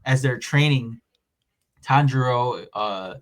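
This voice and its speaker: This man speaks slowly at a medium pitch. Hosting a podcast, he casually rambles through an anime season recap, using lots of fillers and acting out quotes.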